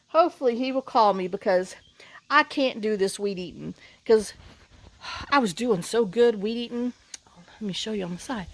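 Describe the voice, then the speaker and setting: Tired, rambling woman. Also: medium pitch. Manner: rambling, sighing, full of fillers and restarts. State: worn out and hot after outdoor work. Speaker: vlogger. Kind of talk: casual rambling chat to camera. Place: outdoors on rural property.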